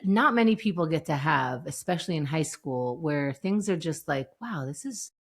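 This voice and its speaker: A woman's voice: low voice, animated, normal speed. A woman co-hosting a podcast, casually recapping a TV scene and acting out the lines she quotes. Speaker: podcast co-host.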